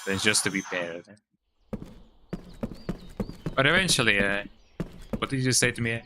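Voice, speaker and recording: A man streams a game with game music playing, reading the characters' lines aloud in a playful way and adding a jokey "eh?" to them as casual commentary. His fairly low voice is expressive and unhurried, and the audio is poor.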